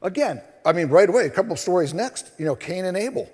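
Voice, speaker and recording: A male minister giving a sermon, telling scripture stories in an animated way and acting out the voices. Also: high-pitched, fast talker. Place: church sanctuary. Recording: long reverb of a large hall.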